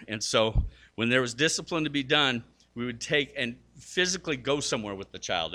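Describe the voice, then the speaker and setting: Bright-voiced older male pastor preaching. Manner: animated storytelling, acting out quotes with big pitch jumps; self-deprecating. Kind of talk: sermon.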